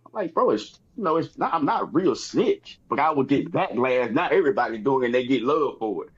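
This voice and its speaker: A man from Texas with a Texan accent, a comedian guest telling animated stories in casual chat and acting out other people's lines. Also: mid-range voice, brisk, slightly rough, lo-fi sound.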